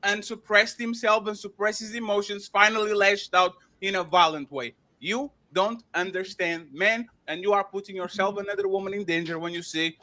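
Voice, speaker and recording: A man's voice: sits high, steady tone, moderate pace, hardly any pauses, pushed and bright. A man hosting a podcast, arguing emphatically in a heated debate, interrupting and repeating himself.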